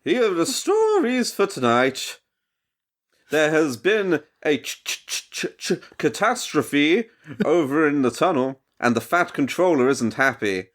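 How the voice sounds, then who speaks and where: A man's voice: a little high, sing-song, unhurried, a bit bright, pitched above the performer's own voice. A man playing a male newscaster who hides that he is turning into a steam engine, with chugging stammers. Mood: strained composure. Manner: stammering chugging sounds, forced composure.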